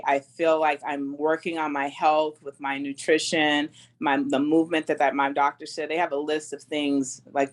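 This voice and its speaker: A woman speaking as a podcast guest, a gym client talking candidly and casually. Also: deep voice. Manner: candid, open, casual with fillers. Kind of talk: casual interview answers.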